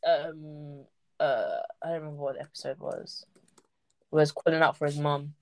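A woman chatting casually as a podcast co-host, animated and quick to act out what others said. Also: low-pitched, no room sound. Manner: animated, quotes people in lively voices. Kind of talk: casual chat.

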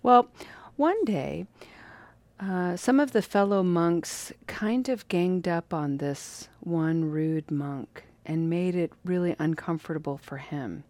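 Woman storyteller, casual and playful, drawn-out phrasing, lowish voice, very slow, dry close sound. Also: darkish tone, no room sound.

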